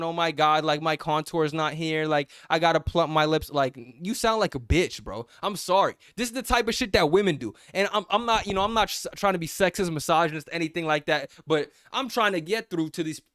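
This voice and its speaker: A man's voice: high voice, fairly bright tone, clean tone, dry recording, clean studio sound. Blunt, profane young man ranting. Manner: profane, confrontational, mocking. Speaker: self-improvement vlogger. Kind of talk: blunt direct-to-camera rant.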